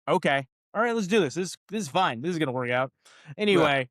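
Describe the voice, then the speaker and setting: A man's voice: on the high side, animated, fast talker, a bit bright, no echo, clean studio sound. A man co-hosting a podcast, ranting in casual chat about a film he found silly, with exasperated asides. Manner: ranting, exasperated, quotes lines in mocking voices. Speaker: podcast co-host. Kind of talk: casual movie review chat.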